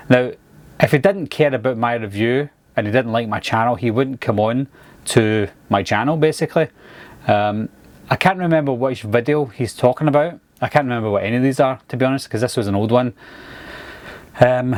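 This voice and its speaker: A man's voice: medium pitch, moderate pace, no room sound. Easygoing Scottish man, dry close sound. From Scotland. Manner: relaxed, chatty, easygoing. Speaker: YouTube movie reviewer. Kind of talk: casual monologue to camera.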